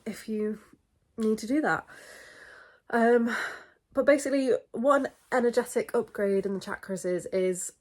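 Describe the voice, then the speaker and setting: A woman's voice: mid-range voice, a little mellow. Chatty young woman with a cold. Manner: chatty and rambling, many fillers. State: stuffy from a head cold. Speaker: vlogger. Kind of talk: casual chat to camera. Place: in bed, indoors.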